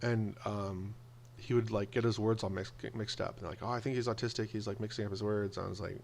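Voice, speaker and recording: Gravelly man telling casual stories. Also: on the low side, fairly quick, slight background noise. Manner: animated, acts out quoted voices. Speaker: video blogger. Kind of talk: casual storytelling monologue.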